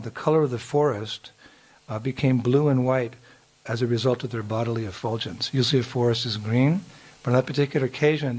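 A man telling a devotional story, chuckling often and restarting his sentences. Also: medium pitch. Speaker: spiritual storyteller.

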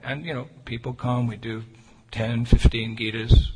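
A man's voice: mid-range voice, fairly even intonation, moderate pace, gravelly. A man preaching a sermon, telling a personal story in an earnest, conversational way. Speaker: Hare Krishna preacher. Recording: reverberant hall with faint noise.

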